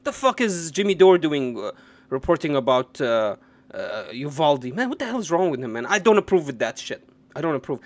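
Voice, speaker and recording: A man reacting to clips on a live stream, his voice sitting high and swinging widely in pitch. He rants and swears, mocking the people on screen. His talk drops to mutters and then jumps back up into loud outbursts. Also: big pitch swings, brisk. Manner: profane, mocking, swings between muttering and yelling.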